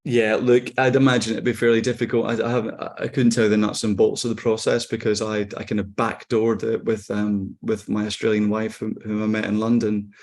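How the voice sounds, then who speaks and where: A Scottish actor in his forties, chatting in an interview in a relaxed, wry way with frequent ums and restarts. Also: lowish voice, fairly quick, few pauses. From Scotland. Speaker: actor guest. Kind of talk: casual interview chat.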